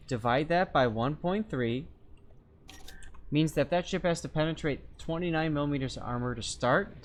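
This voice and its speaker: A man streaming a naval game live, reading chat aloud and working through armor math step by step in a casual, talkative way. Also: on the high side. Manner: chatty, explains step by step, reads chat aloud.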